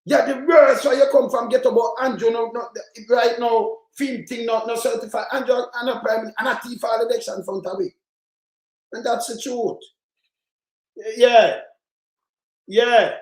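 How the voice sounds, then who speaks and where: A man's voice: extremely high pitch, steady tone, measured pace. Angry Jamaican man ranting in a roomy echo. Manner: angry, rambling, swears, mixes in patois. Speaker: channel host. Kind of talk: heated political rant. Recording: roomy echoey sound.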